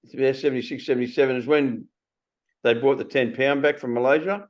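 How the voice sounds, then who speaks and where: An Australian man in his sixties hosting a casual conversation, blunt and animated, swearing freely. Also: medium pitch, fast. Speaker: podcast host. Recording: slightly muffled recording.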